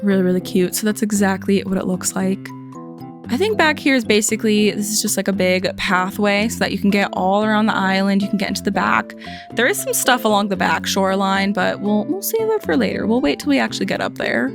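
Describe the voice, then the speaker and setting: A woman's voice: medium pitch, fairly quick, gravelly. A woman giving a casual, chatty tour of a game island, full of "like" and "um", joking playfully at the characters. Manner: chatty, lots of "like" and "um" fillers. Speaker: gaming video host. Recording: faint music underneath.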